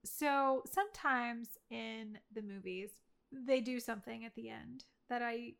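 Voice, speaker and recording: A woman's voice: on the high side, unhurried, gravelly, smooth. Chatty woman gushing about a movie. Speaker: podcast co-host. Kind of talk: casual movie review chat.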